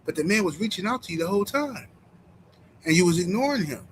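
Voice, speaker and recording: A man's voice: sits high, animated, fast talker, a little hiss or hum, poor audio. A man hosting a boxing reaction stream, talking bluntly and mockingly straight to his viewers. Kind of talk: casual live-stream commentary.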